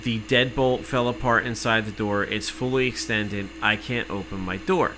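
A man telling an exasperated, profane story in casual podcast chat, cursing freely and working himself up to shouting. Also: on the low side, fairly even intonation, moderate pace, a little hiss or hum, poor audio.

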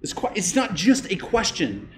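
With huge swings in pitch, a male pastor preaches emphatically, soaring on key points and dropping low and slow to make them land.

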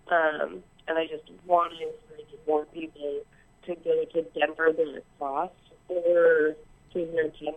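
Excited woman on a tinny call line. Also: deep voice. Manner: excited, rambling with many ums. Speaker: caller. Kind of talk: call-in chat. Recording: phone-like internet call line.

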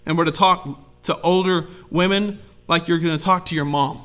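High bright voice, guy preaching, chatty and animated, jumps into little acted bits. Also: moderate pace. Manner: animated, conversational, acts out quotes with sudden loud high voices. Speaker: pastor. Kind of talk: sermon.

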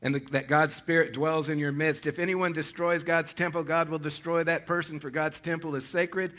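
A male pastor delivering a sermon in a bright, slightly high voice. He moves between a loose, conversational teaching manner and loud, animated exhortation. He calls out to his congregation as he speaks. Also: moderate pace, few pauses. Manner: animated preaching, rising loud when addressing congregation by name; conversational with restarts and laughs.

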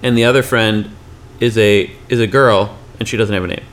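A man's voice: on the low side, steady tone, moderate pace, fairly bright tone. A man hosting a podcast, improvising a story in a rambling, playful way with sound effects. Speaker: podcast host.

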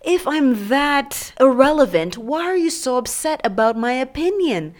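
A woman's voice: high voice, expressive, unhurried. A woman hosting a podcast in a blunt, sassy, profane casual monologue. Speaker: podcast host.

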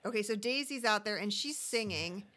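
A woman's voice: medium pitch, animated, normal speed, bright, forceful tone. A woman co-hosting a casual chat, recapping a show with sarcastic asides. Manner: chatty, sarcastic, acts out quotes in squealy voices. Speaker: podcast co-host recapping a reality show.

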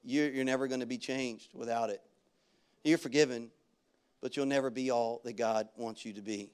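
A male pastor preaching a sermon, talking in a loose, conversational way and breaking into loud, excited shouts. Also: mid-range voice, moderate pace, smooth. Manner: animated preaching that jumps into loud shouted bursts; conversational storytelling with casual slang. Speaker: guest pastor.

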